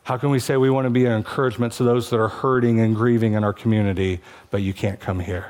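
A man's voice: on the low side, fairly even intonation, fast talker, a little mellow. A male pastor preaching a sermon to his church, conversational and passionate, rising to emphatic peaks.

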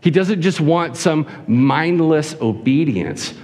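A man's voice: on the high side, expressive, takes it slowly, a little mellow. A man preaching a sermon as a pastor, earnest and full of rhetorical questions. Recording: hall reverb.

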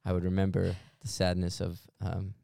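A man's voice: deep voice, monotone, normal speed, vocal fry, dark tone, no echo, studio quality. A young man, a podcast co-host, telling a rambling, self-deprecating story in casual chat and laughing often.

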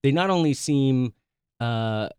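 A man chatting about politics in a measured, earnest way with some restarts. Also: medium pitch, lively intonation, darkish tone, smooth, no echo. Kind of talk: casual political chat.

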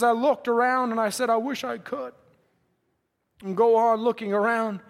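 A male preacher telling a dream in a sermon, earnest and halting, often repeating himself. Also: very high voice, a bit bright, long reverb tail. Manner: earnest storytelling, halting repetitions.

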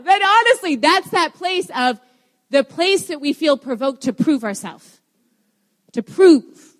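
A young woman preaching a sermon in an animated way, laughing often at herself. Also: high voice. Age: young adult. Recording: long hall reverb.

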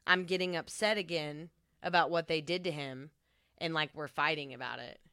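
Co-host, bright and smooth voice, frank and open, very dry close mic. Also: medium pitch, normal speed, no echo. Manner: candid and open, talks frankly about personal matters. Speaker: podcast co-host. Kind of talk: casual podcast chat.

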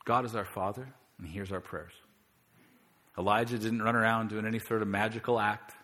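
A male pastor preaching a sermon, telling the scripture story with animated energy and climbing louder as he reads it aloud. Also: lowish voice, brisk.

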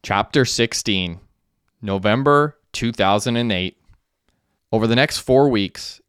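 A man narrating an audiobook in a steady, even reading. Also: on the low side, clear, resonant tone, no room sound, studio quality. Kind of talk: scripted narration.

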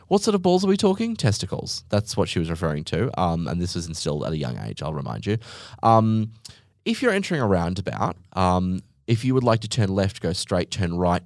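A man's voice: deep voice, dry recording, studio quality. A young man hosting a podcast, ranting comically with sarcasm, exaggeration and swearing. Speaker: podcast host. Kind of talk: comedic monologue rant.

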